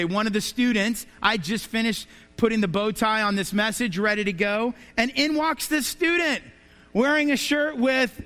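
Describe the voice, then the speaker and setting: A man with a high, light voice preaches to his congregation, spinning anecdotes and tossing out rhetorical questions. His words ring out with a long reverberant tail, as if spoken in a large church sanctuary. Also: moderate pace, pushed and bright. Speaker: pastor. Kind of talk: sermon. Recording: reverberant hall.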